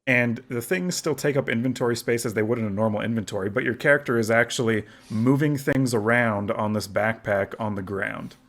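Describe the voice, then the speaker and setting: A man's voice: mid-range voice, brisk, few pauses, fairly bright tone. A man hosting a casual gaming podcast, easygoing, moving the talk along with curious questions. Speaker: podcast host.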